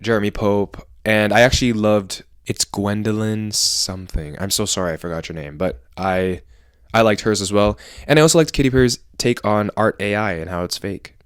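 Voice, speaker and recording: A man's voice: fairly low pitch, moderate pace, clean tone, no room sound, clean studio sound. A man vlogging casually about fashion, chatty and opinionated, rambling with self-corrections. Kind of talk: casual talking-head vlog.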